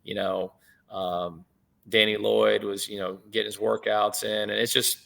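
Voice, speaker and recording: A man in his late thirties, a head baseball coach, telling stories in a relaxed interview over a video call, with many fillers and restarts. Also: lowish voice, measured pace, vocal fry. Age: 30s. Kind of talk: casual interview chat.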